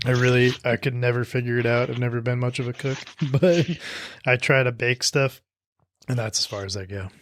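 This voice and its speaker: A man's voice: mid-range voice, fairly even intonation, fairly quick, no room sound. A man hosting a podcast in casual chat, swearing freely and laughing through his stories. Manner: profane, laughing storyteller. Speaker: podcast host.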